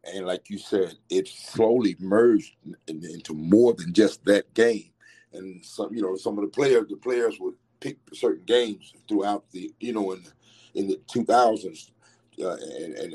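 A middle-aged man with a low, mellow and slightly husky voice. He reminisces about his late father in an interview, halting and restarting his sentences as he speaks fondly. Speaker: interviewee, son of the former coach. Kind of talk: reflective interview recollection.

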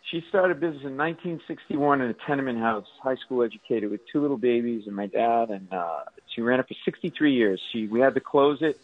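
A male comedian guest telling animated, self-mocking comic stories on a radio show. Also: medium pitch, brisk, few pauses, narrow, tinny audio.

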